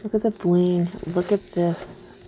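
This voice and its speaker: A woman's voice: fairly low pitch, steady tone, slow pace, warm tone. Woman, crafting vlogger, gushing, unboxing chat, faint background noise. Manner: gushing, easily delighted.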